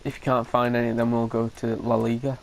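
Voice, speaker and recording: A man's voice: mid-range voice, completely flat delivery, brisk, gravelly, rough recording. Hesitant man commentating a game. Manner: hesitant, thinking aloud with frequent restarts. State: coughing now and then. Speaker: gaming commentator. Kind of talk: casual gameplay commentary.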